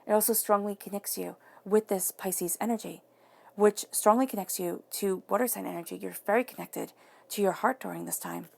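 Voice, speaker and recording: A woman talks viewers through a tarot spread in an earnest, encouraging way, often repeating a phrase to press her point. Her voice has a gravelly, fry-edged texture at a middling pitch. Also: normal speed, a little mellow. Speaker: tarot reader.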